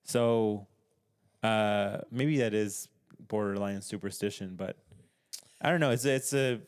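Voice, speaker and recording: A man's voice: fairly low pitch, takes it slowly, clear, resonant tone. Hesitant man in casual podcast chat. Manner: hesitant, stumbling restarts, self-conscious. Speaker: podcast co-host.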